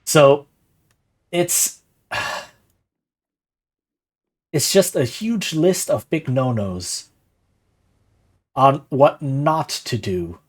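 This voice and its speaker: A man's voice: medium pitch, drawn-out words, pauses often. A man streaming live, talking casually and animatedly about running tabletop games, often asking "right?" and answering chat. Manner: animated, rhetorical, frequent "right?"; reads chat aloud and replies. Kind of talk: casual livestream talk on game design.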